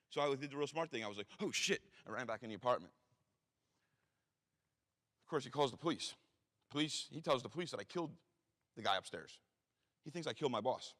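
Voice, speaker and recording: A man's voice: medium pitch, fairly bright tone. A man telling a story from his own life in a blunt, profane, self-mocking way. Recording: reverberant hall.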